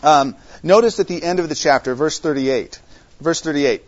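A man teaching an interactive Bible study, repeating his main points, checking in with his listeners and often restarting his sentences. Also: a little high. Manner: halting, with frequent restarts. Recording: dull lo-fi recording.

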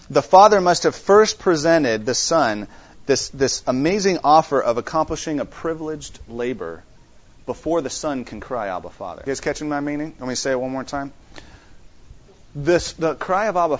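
A man's voice: fairly high pitch, animated. A man teaching an interactive Bible study, repeating his main points, checking in with his listeners and often restarting his sentences. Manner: halting, with frequent restarts. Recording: dull lo-fi recording.

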